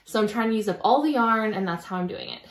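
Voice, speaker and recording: A woman co-hosting a podcast, calmly explaining her knitting step by step. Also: fairly high pitch, fast talker, reverberant. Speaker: podcast co-host. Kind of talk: casual chat about knitting.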